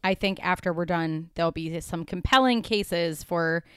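Upbeat woman co-hosting a podcast, low-pitched. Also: normal speed, fairly bright tone, clear, resonant tone, no echo, studio quality. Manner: upbeat, chatty, trails off with ums and likes. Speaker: podcast co-host. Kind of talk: casual podcast chat. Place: home.

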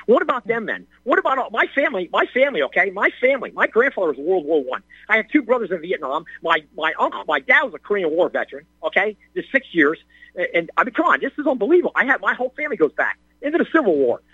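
An older man calling in to a radio show, ranting excitedly with repeated restarts and stammers. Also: high-pitched, fast, breathy edge, dry recording, highs cut off. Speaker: caller. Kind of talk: ranting call-in talk.

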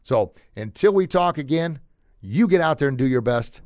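A man's voice: a little high, expressive, moderate pace, darkish tone. A middle-aged man hosting a motivational podcast, talking earnestly and repeating phrases for emphasis. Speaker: podcast host.

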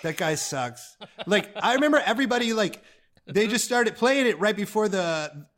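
This young man, a comedian on as a guest, has a high voice and a fairly quick pace. Chatting casually, he tells animated stories, voices quotes, and peppers them with swearing and laughter.

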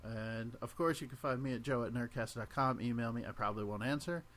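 A man's voice: mid-range voice, fast talker, fairly bright tone. Male podcast host, easygoing and jokey, mid-range voice with a faint noise floor. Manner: joking, laid-back, rattles off plugs. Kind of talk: casual podcast chat.

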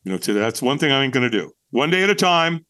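A middle-aged man tells his story in a relaxed, frank way. His delivery is animated and he swears now and then. The sound is dry and close-miked. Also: fast talker, no echo. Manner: animated, jumps into high voices when quoting people; candid and frank, swears freely. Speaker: podcast guest. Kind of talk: storytelling in casual conversation.

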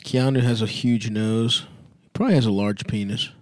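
A man's voice: fairly low pitch, fairly even intonation, moderate pace, darkish tone, no room sound. A man co-hosting a podcast, trading crude jokes and laughing often. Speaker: podcast co-host. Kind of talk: crude comedic banter.

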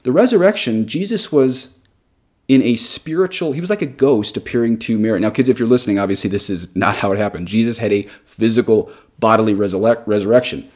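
Priest in his 30s, low and mellow, reads the catechism and then argues his points with emphasis. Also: a little fast. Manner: emphatic, argumentative. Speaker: Catholic priest. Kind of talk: catechism reading with commentary.

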